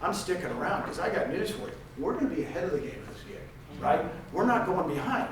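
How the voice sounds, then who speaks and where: A man's voice: high voice, sing-song, quick pace, a crowd in the background. An older man giving an emphatic motivational talk to a live audience, repeating phrases for effect. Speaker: conference speaker. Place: large conference room. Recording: echoey hall, mic at a distance.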